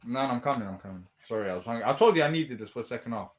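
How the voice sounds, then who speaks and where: A man chatting casually as a watch-along co-host, joking around and getting excited at chances. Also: mid-range voice, racing. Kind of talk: casual fan chat.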